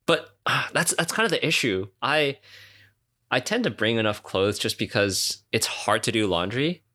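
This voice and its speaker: A man co-hosting a casual chat podcast, teasing his friend and quick to joke. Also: medium pitch, lively intonation, sharp tone. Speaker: podcast co-host.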